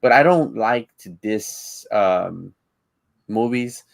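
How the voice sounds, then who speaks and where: Slow and gravelly, his lowish voice still animated, a man co-hosts a laid-back live-streamed chat. He wanders off topic, repeats words when starting sentences, and laughs easily, with no room sound on the recording.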